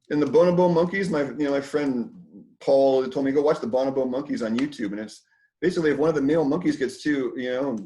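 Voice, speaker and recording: A man's voice: mid-range voice, darkish tone, poor audio. A man hosting a community dinner talk, rambling loosely to a small group indoors with lots of fillers and casual swearing.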